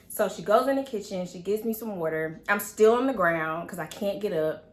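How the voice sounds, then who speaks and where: A woman in her twenties telling a personal story in an animated way, acting out quoted dialogue with many fillers. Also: mid-range voice, a little fast. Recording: echoey room.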